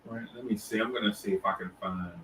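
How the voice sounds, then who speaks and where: Far from the mic in an echoey room, with a little hiss or hum, a man hosts a casual live stream. His lowish voice is steady, and he talks fast. He gives viewers one-by-one shout-outs, loose and repetitive, restarting often and leaning on fillers.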